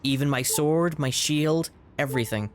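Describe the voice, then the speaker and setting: A man streaming a video game, chatting in a fast, rambling way and laughing often. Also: fairly high pitch, slight background noise. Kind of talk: casual gaming livestream commentary. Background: game music.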